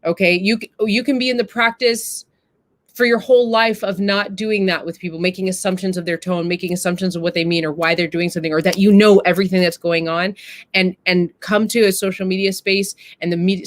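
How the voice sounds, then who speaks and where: A woman's voice: fairly low pitch, steady tone, a little fast, dry recording. A woman hosting a live stream, talking earnestly and casually and addressing her viewers directly. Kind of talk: casual reflective talk to viewers.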